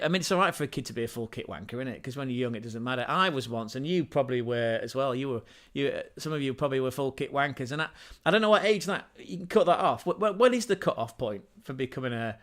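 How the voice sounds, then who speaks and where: A man hosting his own livestream in a casual, rambling way, scatterbrained and self-deprecating, often restarting his sentences and chuckling as he digresses. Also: medium pitch. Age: adult parent. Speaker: channel host and livestreamer.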